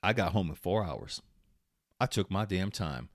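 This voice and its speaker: A middle-aged man from Arizona spins a loose, rambling road-trip story for his vlog. His voice sits a little low, and the sound is close and dry with no room around it. He curses casually, laughs at his own jokes and restarts his sentences often. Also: lively intonation, a little slow, no room sound. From Arizona, USA. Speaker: vlog host.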